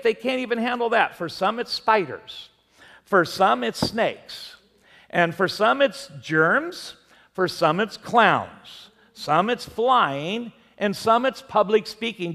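A man's voice: high-pitched, vocal fry, a bit bright, big-room sound. A man pastor giving a sermon in a conversational way, mixing humorous stories into his preaching.

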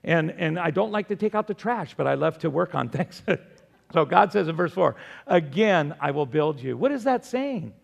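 An older man preaching a sermon as pastor, emphatic, swinging between loud declarations and soft appeals. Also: on the high side, moderate pace, gravelly, long reverb tail, dull audio.

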